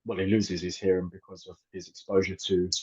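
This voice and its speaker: Male guest, 30s, low-pitched, hesitant and filler-heavy; muffled lo-fi recording. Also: little pitch movement, fairly quick, darkish tone, husky. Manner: hesitant, many fillers and restarts. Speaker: actor and filmmaker guest. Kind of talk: casual interview chat. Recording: dull lo-fi audio.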